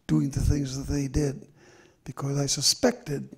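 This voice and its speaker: An older man, a memoir author, telling stories from his life slowly and reflectively at a live talk on stage. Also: medium pitch, flat delivery, creaky, darkish tone, slightly rough. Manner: slow and reflective, with drawn-out pauses. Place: stage event before an audience.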